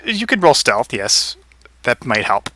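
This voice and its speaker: Man game master, slow unhurried delivery, bright tone, dry close mic. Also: medium pitch, slight background noise. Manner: relaxed, chuckling, loose narration with fillers. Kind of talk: narrating a tabletop game.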